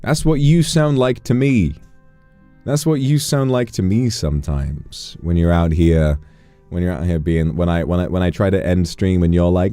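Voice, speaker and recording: A man's voice: deep voice, moderate pace, no room sound, faint music behind. A man chatting casually on a livestream, playful and teasing as he tells stories. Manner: playful, teasing, animated storyteller. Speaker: streamer.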